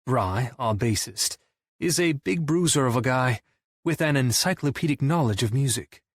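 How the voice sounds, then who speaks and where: A man narrating a first-person audiobook in a wry, deadpan manner. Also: mid-range voice, moderate pace, no room sound, clean studio sound.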